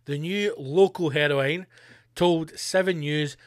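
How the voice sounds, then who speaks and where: A man hosts a casual comedy podcast, riffing and cursing as he reads out a news story. His voice sits fairly high for a man. The sound is dry and close, with no room echo. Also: measured pace. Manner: sweary, jokey banter while reading a news story aloud. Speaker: podcast host. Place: home studio.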